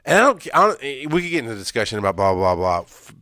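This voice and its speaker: A middle-aged man in EMS talking candidly to peers, blunt and earnest, swinging from loud emphasis to quiet asides. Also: medium pitch, very animated, quick pace, dry recording. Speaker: EMS worker speaking on mental health. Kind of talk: candid personal talk to peers.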